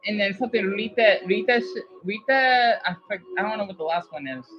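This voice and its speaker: A woman chatting casually to her viewers in an excitable way, often stumbling over words as she goes. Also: mid-range voice, fairly quick, dull audio, music in the background. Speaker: vlogger.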